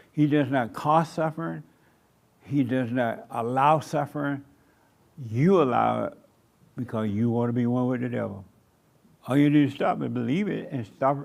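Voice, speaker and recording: Gravelly man preaching with emphatic repetition. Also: mid-range voice. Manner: emphatic, repeats short commands. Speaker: pastor. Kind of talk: sermon to a small congregation. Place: church meeting room.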